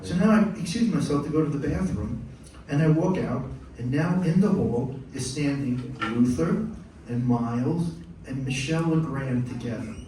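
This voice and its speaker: An older man, a musician, tells stories to a live audience between songs, animated and acting out the voices of the people he quotes. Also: medium pitch, moderate pace. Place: live venue. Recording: echoey room, mic far off, faint noise.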